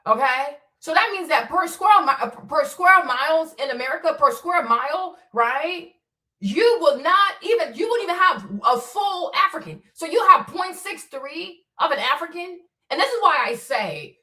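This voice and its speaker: A woman hosting a livestream, her voice high and sharply bright. She speaks casually to her viewers, swears freely and hammers her point with repeated rhetorical questions. She sits some distance from the mic. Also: expressive, moderate pace. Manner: emphatic, repetitive, rhetorical questions. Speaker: commentary show host. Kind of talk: livestream commentary. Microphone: streaming setup mic.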